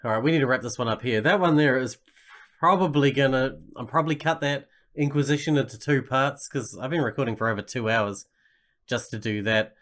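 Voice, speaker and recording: A man casually wrapping up a let's-play video, talking in a relaxed, chatty way. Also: medium pitch, fairly quick. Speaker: gaming video host.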